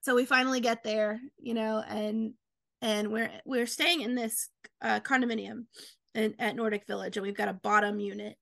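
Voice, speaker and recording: A woman in her thirties tells stories in a bright, high-set voice with a gravelly rasp at the edges. She is animated and acts out every quoted line. The recording is close and dry. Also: moderate pace, dry recording. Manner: animated, acts out quotes with big pitch jumps. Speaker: author guest. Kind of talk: casual storytelling chat.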